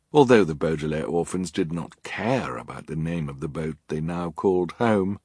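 A man's voice: sits low, darkish tone, slightly rough, dry recording. A man narrating an audiobook in a dry, wry storytelling manner.

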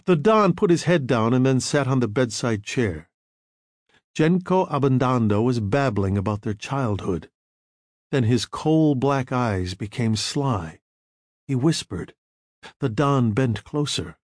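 A man narrating a novel in an expressive storytelling manner. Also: mid-range voice, a little slow, no echo, clean studio sound. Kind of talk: audiobook narration.

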